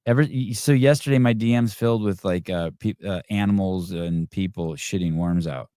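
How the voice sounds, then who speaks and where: A man's voice: sits low, normal speed, warm tone, no echo, studio quality. A man hosting a podcast in casual chat, rambling and profane, often restarting his sentences. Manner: many restarts and fillers. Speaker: podcast host.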